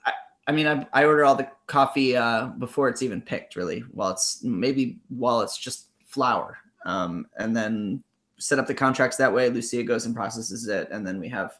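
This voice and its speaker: A man answering interview questions as a coffee buyer, talking in a halting way and repeating words as he starts. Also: mid-range voice, fairly bright tone. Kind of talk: casual interview chat.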